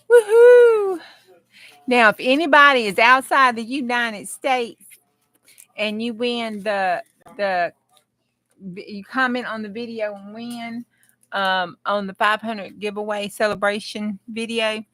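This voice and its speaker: A woman, hosting a casual craft livestream and chatting excitedly with her viewers. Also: medium pitch.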